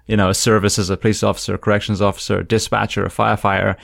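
A man hosting a podcast interview, talking in an earnest, measured and reflective way. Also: on the low side, little pitch movement, vocal fry, no echo, studio quality. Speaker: podcast host. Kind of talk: casual interview conversation.

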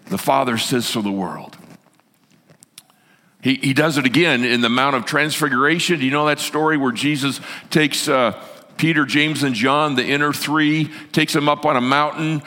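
Male pastor, sermon, animated delivery, bright tone, long hall reverb. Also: medium pitch, moderate pace. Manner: animated, swinging from loud to hushed.

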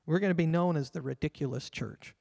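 A male pastor preaching a sermon, earnest and fervent, slowing down to read scripture aloud. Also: a little high, gravelly, darkish tone. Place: church sanctuary. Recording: long reverb of a church hall.

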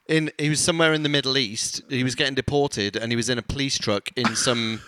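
A man with a bright, forward voice, speaking as a podcast guest. He tells wild anecdotes in casual chat and laughs as he goes. His voice sits at a middle pitch. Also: fairly even intonation, brisk, dry recording. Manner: laughs while telling wild stories.

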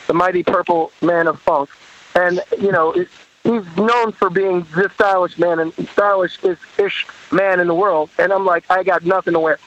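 A man, a horn arranger, telling stories in an interview, animated, laughing often and acting out what others said. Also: high-pitched, lo-fi sound, a little hiss or hum. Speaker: guest musician, horn arranger. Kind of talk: storytelling interview.

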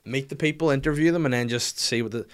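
A man's voice: medium pitch, quick pace, clean tone. A man, hosting a podcast in casual, rambling comic banter full of crude jokes. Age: 30s. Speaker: podcast host. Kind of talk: casual chat.

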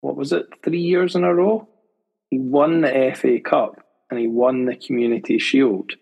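A man co-hosting a football podcast, making his case in a steady, measured way. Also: mid-range voice, gravelly, husky, muffled recording. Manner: measured, argues a point steadily. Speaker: podcast co-host. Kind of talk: casual football chat. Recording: long reverb on the voice.

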